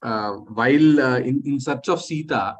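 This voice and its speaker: Male moderator, halting and filler-heavy, mid-pitched voice. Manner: hesitant, many fillers. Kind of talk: online session moderation.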